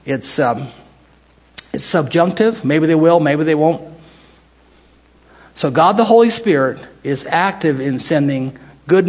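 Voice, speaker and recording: Older man teaching a casual Bible study. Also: on the high side. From United States. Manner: conversational, restarts often, asks the group questions.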